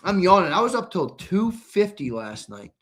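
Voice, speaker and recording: American guy hosting a live fan stream, slightly high voice, rambly and chatty, yells sometimes. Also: big pitch swings, normal speed. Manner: loose, chatty, reads viewer comments, bursts into shouting. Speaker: host. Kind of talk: live sports talk stream.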